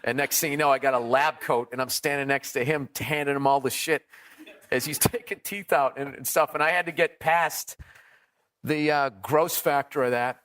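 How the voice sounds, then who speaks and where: A man, a comedian guest in an interview, telling profane, animated stories and acting out quotes. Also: medium pitch, normal speed. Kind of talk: storytelling interview.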